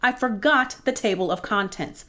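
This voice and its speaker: A woman's voice: mid-range voice, pushed and bright, lightly acted. A woman doing a flustered male narrator. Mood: urgent. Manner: hurried, urgent interrupting. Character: fussy male storybook narrator, flustered and interrupting.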